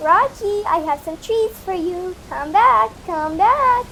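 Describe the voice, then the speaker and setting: A woman's voice: very high-pitched, lively intonation, takes it slowly, background noise, full character voice. A woman voicing a chatty adult woman doll at the beach for a toy play video, talking to herself with little sighs. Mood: calling out.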